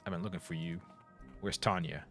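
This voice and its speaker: A man's voice: sits low, steady tone, brisk, fairly bright tone, soft background music. A man voicing an aggressive, jealous teenage boy in a video game, blunt and swearing. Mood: hostile.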